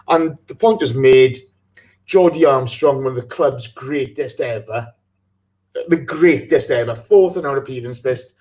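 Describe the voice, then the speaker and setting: A man hosting a live fan podcast, rambling and animated, breaking into sweary rants. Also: medium pitch. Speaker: podcast host.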